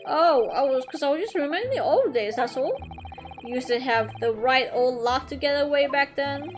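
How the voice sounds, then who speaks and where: A woman's voice: sits high, expressive, moderate pace, noisy background. A woman reading as a chummy cockney brickmaker. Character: rough working-class man from the old streets, chummy.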